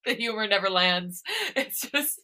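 A woman's voice: mid-range voice, lively intonation, unhurried, sharp tone. A young woman co-hosting a podcast, giggly and playfully teasing in casual chat. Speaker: podcast co-host.

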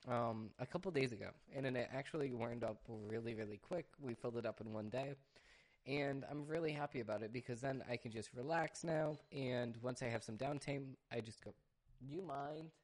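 A young man hosting a casual solo podcast, chatting in a rambling way and often breaking off to hush his dog. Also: medium pitch, fairly quick. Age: young adult. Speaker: podcast host.

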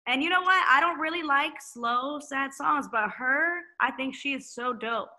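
A woman musician as a guest in a casual conversation, speaking candidly and swearing freely. Her voice is bright and forward, with a lively bounce to her talk. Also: high-pitched, measured pace. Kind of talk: casual chat.

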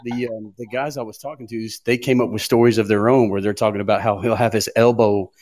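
Low-voiced man telling a work story. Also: fairly even intonation, fast, a little mellow, slight background noise. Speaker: emergency department worker. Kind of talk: casual chat.

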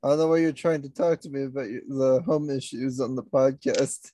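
A young man co-hosting a casual podcast, teasing and deadpan. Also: medium pitch, fairly quick, dry recording. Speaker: podcast co-host.

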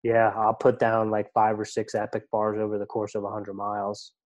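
A man's voice: lowish voice, completely flat delivery, normal speed. A middle-aged man talking casually as a podcast guest, rambling with lots of fillers and restarts. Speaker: ultramarathon runner and coach, guest.

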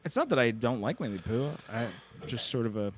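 A man's voice: mid-range voice, lively intonation, fast. A man co-hosting a comedy podcast in casual chat, silly and laughing, often stammering and restarting his sentences. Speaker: podcast co-host.

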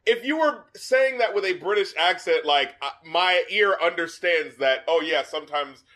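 A man's voice: high voice, expressive, normal speed, sharp tone. A man co-hosting a podcast, animatedly picking apart lyrics, quoting them mockingly and swearing. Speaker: podcast co-host. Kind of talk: casual album review chat.

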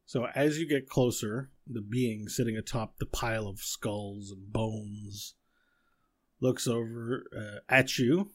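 A man's voice: lowish voice, slow. A man narrating as game master, describing scenes with fillers and restarts.

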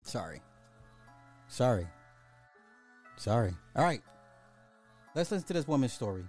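A man's voice: mid-range voice, big pitch swings, measured pace, a little mellow, soft background music. A man hosting a podcast, delivering a profane, mocking rant of social commentary and apologizing as he goes. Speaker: podcast host.

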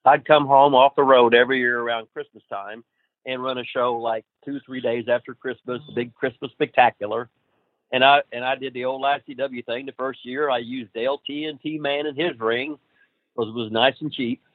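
A man who trains wrestlers, telling profane, animated road stories as a guest. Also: mid-range voice, moderate pace, no echo. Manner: profane, animated, laughs at his own stories. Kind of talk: casual storytelling interview. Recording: dry tinny phone-like line.

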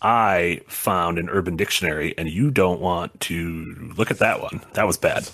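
A man's voice: sits low, normal speed, fairly bright tone, dry recording, clean studio sound. A man co-hosting a casual stream, talking in a loose, rambling way full of fillers. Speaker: co-host.

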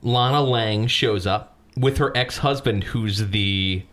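A man's voice: on the low side, takes it slowly, a bit bright. A man co-hosting a casual podcast, rambling and swearing freely as he chats. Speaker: podcast co-host. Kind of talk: casual profane chat.

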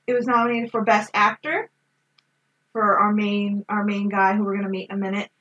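A woman co-hosting a casual film review podcast, animated and swearing freely. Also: medium pitch, a little fast, far from the mic, lo-fi sound. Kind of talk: casual chat.

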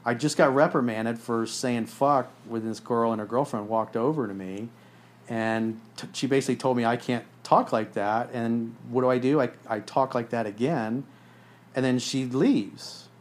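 A man's voice: mid-range voice, moderate pace. A man hosting a podcast, telling stories in a blunt, profane, casual way. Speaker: podcast host.

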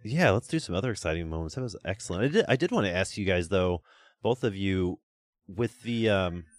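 A man hosting a casual podcast, asking his co-hosts questions in a relaxed way. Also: deep voice, fairly quick, no room sound. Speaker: podcast host.

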